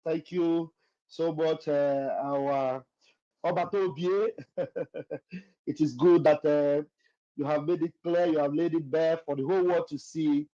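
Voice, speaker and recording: A man moderating a live online audio session, formal and courteous, with many filler pauses. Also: fairly high pitch, fairly even intonation, warm tone, dry recording. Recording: dull, dry, lo-fi online audio.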